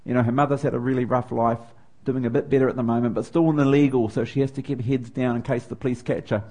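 Speaking fast in a warm, steady, mid-range voice, a middle-aged man from New Zealand with a matching accent tells a personal story during a sermon. His feeling grows as the story goes on.

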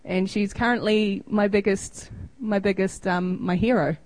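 Woman, 30s, New Zealand accent, relaxed self-deprecating presenter, dry recording. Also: medium pitch, measured pace, dry recording, poor audio. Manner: chatty, self-deprecating, acts out quoted exchanges. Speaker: missionary giving a church report. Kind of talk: informal presentation with photos.

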